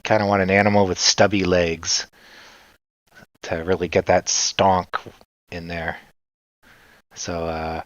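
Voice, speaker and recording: A man's voice: low-pitched, steady tone, slow pace, long pauses, a bit bright, no room sound. A man with a Canadian accent hosting a casual livestream, rambling and joking as he chats. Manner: rambling, joking, laughs often. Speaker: livestream host. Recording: dull lo-fi sound.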